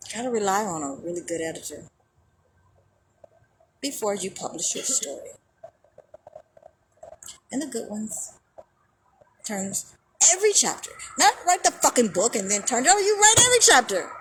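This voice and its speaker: A high-pitched woman in a heated, profane rant, her voice leaping up and down as she goes from loud outbursts to low muttering. There is a steady noisy hum behind her. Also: moderate pace, long pauses. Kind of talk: angry profane monologue.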